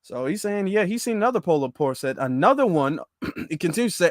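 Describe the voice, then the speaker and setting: Male vlog commentator, mocking and slangy, high voice, dry close sound. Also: very animated, fast talker, dry recording. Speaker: political commentator. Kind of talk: casual political commentary.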